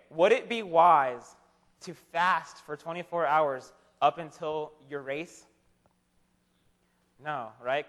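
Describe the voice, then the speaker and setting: Young male preacher, high voice, casual joking sermon, stumbles and repeats words, recorded in a hall with a long reverb. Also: fairly bright tone. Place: chapel or hall with an audience.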